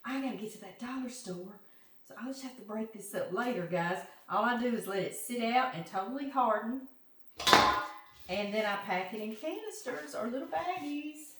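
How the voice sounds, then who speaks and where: A chatty Southern woman from Louisiana talks straight to her viewers while she cooks. Her voice comes from a distance in an echoey home kitchen, with clear background noise around her. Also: on the high side, animated, moderate pace. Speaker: home cooking vlogger. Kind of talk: casual kitchen chat. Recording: roomy kitchen, mic at a distance, noisy.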